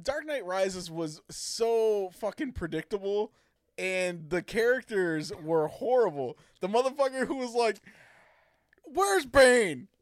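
Young man, high voice, dry close sound, animated, profane, laughing, acting out quotes. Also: a little slow, no echo. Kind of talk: casual chat among friends.

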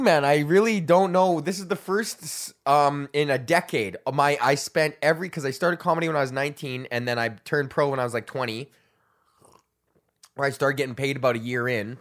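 Man in his thirties, stand-up comic hosting a solo rant podcast, pitched a touch high, crude and rambling. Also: a bit bright. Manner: profane, rambling, laughs at his own jokes. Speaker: comedian podcast host. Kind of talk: ranting solo podcast monologue.

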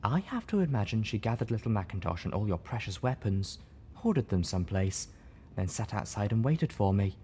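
A man voicing a soft, sorrowful mare. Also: fairly low pitch, big pitch swings, moderate pace, a little hiss or hum. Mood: morose. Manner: soft, morose. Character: gentle, sorrowful mare healer.

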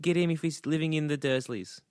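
Fairly high animated guy arguing on a podcast, dry close sound. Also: fairly quick, clean tone, no echo. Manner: joking, argumentative, trails off mid-sentence. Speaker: podcast co-host. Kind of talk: casual chat.

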